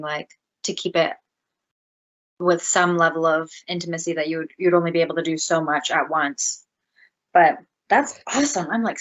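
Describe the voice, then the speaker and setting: A woman's voice: lowish voice, a bit bright, muffled recording. Rambling, giggly woman podcast host. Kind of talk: casual interview chat.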